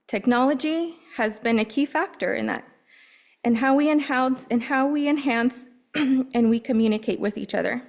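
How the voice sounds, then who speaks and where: A woman from Napa Valley, California, a parent giving a prepared public comment, earnest and clearing her throat often. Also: on the high side.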